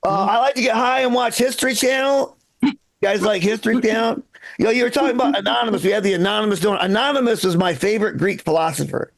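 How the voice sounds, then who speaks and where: A male stand-up comedian from Michigan works the crowd in a loose, profane way. His voice sits high with a gravelly, creaky edge. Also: fast. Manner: casual, profane, chatting with the crowd. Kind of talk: live stand-up set.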